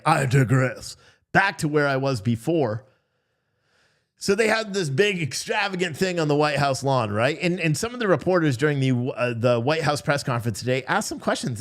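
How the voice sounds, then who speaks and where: A man hosting a profane, sarcastic political commentary rant. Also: fairly high pitch. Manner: animated, profane, sarcastic, mocking impressions.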